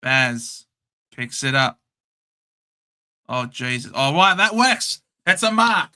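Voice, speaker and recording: Excitable Australian man calling a match. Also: medium pitch, slow. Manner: chatty, excitable, blunt. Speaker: host. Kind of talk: casual live match commentary.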